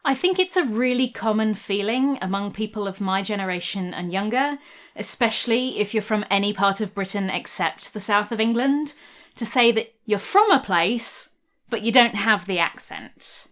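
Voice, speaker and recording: A woman's voice: fairly high pitch, a bit bright. A young woman narrating a scripted history video essay in a wry, conversational way.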